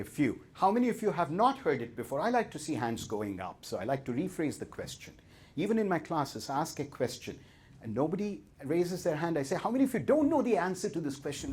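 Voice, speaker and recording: A man's voice: mid-range voice, darkish tone, husky. A man with an Indian accent, a professor giving a talk to an audience and telling a story with playful, teasing humor.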